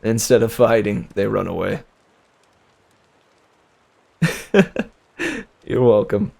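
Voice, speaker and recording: A young man in his twenties chats with his livestream viewers between chapters. He talks slowly and rambles, with slangy asides and frequent laughs. His voice carries a gravelly, creaky texture. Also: fairly low pitch, fairly even intonation, darkish tone. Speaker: livestream book reader. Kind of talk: casual chat with viewers.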